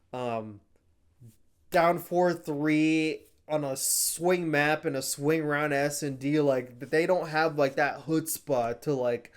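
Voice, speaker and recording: A young man giving a casual esports recap, often heated, swearing and calling his listeners "bro". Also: mid-range voice. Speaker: esports commentator.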